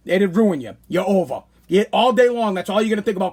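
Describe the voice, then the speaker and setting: High-voiced blunt man ranting on a podcast. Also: a little fast, few pauses. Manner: animated, blunt, preachy advice with many repetitions. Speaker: podcast host. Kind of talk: casual livestream monologue.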